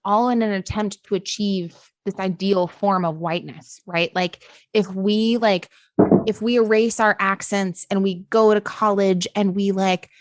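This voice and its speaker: Her voice sits in the mid range, recorded dry, as she hosts a podcast interview. The Appalachian host is earnest and casual, filling her speech with "like" and the occasional swear word.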